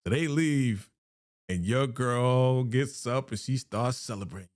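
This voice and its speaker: A man hosts a live reaction stream in a lively, talkative way, with a mid-range voice. He laughs often and loops back on his own phrases as he recaps. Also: mid-range voice, a little slow, dry recording, clean studio sound. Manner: animated, laughing, chatty, repeats himself.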